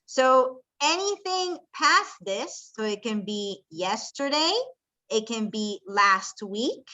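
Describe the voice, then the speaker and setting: Slow, bright-voiced bilingual teacher woman. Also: a little high, expressive. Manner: patient, explains step by step and quizzes students; switches between English and Spanish. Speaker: ESL teacher. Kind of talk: bilingual classroom lesson.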